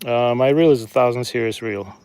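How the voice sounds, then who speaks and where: A man's voice: medium pitch, fairly quick. Brief: easygoing guy streaming from a riverbank, chatty, talks straight to viewers. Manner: relaxed, chatty, talks to viewers while fishing. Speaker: fishing streamer. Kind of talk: casual live-stream commentary. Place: outdoors at a riverbank.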